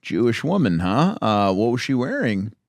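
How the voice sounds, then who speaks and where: Male co-host, mid-pitched, teasing riffing banter, expressive, dry close mic. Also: moderate pace, no echo. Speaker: podcast co-host. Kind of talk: comedic banter. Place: podcast studio. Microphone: studio microphone.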